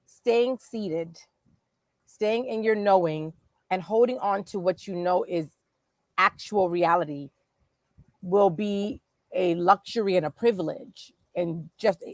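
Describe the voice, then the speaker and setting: A woman from Los Angeles co-hosting a podcast, telling a story in a frank, animated and profane way, laughing often. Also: medium pitch, no room sound. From Los Angeles, USA. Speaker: podcast co-host. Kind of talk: casual chat.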